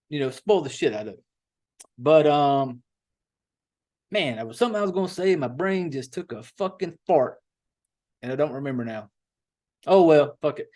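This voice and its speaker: A man's voice: on the high side, darkish tone. Profane rambling sounding man. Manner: profane, rambling, folksy, with drawled slang. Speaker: podcast host. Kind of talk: casual rambling chat.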